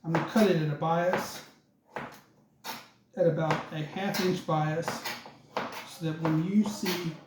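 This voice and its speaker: Chopping and prepping as he talks, a man runs a casual cooking demo in a kitchen, addressing his audience as folks in a slightly high voice. Background noise fills the echoey room, and loud clatter can be heard.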